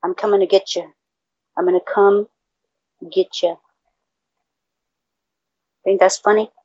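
A woman's voice: mid-range voice, steady tone, slow, a little mellow, husky, no room sound, highs cut off. A woman from El Paso co-hosting a podcast in casual chat, cursing freely and erupting in mock-outraged outbursts. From El Paso, Texas. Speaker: podcast co-host.

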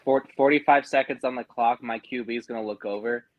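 A man's voice: medium pitch, steady tone, a little fast, no echo, rough recording. A man guest on a podcast, laid-back and easily amused in casual chat.

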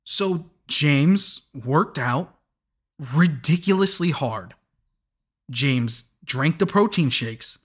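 Young male podcast host, slightly high voice, chatty and rambling, often laughing. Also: animated, drawn-out words, slightly rough. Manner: rambling, chuckling, lots of restarts and asides. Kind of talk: casual podcast recap.

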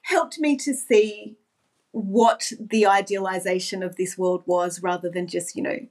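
A woman's voice: medium pitch, fairly even intonation, a little slow, a little mellow. Middle aged woman guest, earnest and thoughtful, talks it through with lots of restarts. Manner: earnest, reflective, with frequent restarts. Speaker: podcast guest, former nurse. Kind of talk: reflective interview talk.

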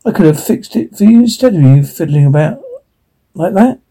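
A man reading the part of a restless young girl companion who is eager to help, with a husky voice. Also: sits high, expressive, normal speed, warm tone, pitched above the performer's own voice, rough recording.

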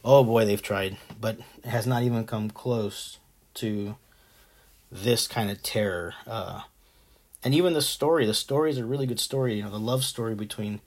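A man's voice: fairly low pitch, normal speed, darkish tone. A man hosting a casual show, talking with enthusiasm about a favorite film, rambling with many fillers and restarts. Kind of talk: casual movie talk.

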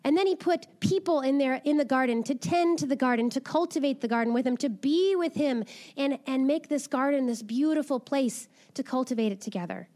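A woman giving a gentle, reflective devotional talk and reading a children's Bible story aloud. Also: sits high, brisk. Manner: gentle, reflective, soft-spoken.

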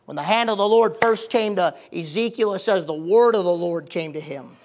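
A male pastor preaching a sermon in a folksy, plain-spoken way, moving from quiet talk to loud, emphatic fervor. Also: sits high, normal speed, creaky. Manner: colloquial, plain-spoken phrasing.

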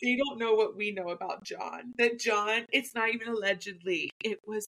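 A woman's voice: mid-range voice, normal speed, pushed and bright, a little hiss or hum. A woman co-hosting a podcast, chatting casually about a reality show and mimicking what people said. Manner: chatty, quotes people in put-on voices, laughs. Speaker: podcast co-host. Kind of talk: casual recap chat.

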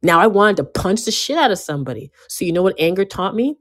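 A woman giving a casual motivational talk, emphatic and given to repeating herself, swinging between loud bursts and quiet asides. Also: medium pitch, big pitch swings, quick pace. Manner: emphatic, often repeating and restarting words. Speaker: speaker giving a self-help talk.

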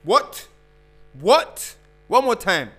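Man spiritual coach, casual preachy delivery, a bit high-pitched, emphatic repetition. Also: sing-song, extremely slow, a bit bright. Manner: preachy, calls listeners "family"; emphatic, repeats phrases for effect. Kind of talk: casual livestream talk to followers.

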